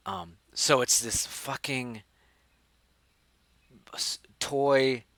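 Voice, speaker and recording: A man hosting a podcast, reviewing a movie in a rambling, profane, animated way into a studio mic. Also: mid-range voice, very slow, dry recording. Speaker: podcast host. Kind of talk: casual movie review chat.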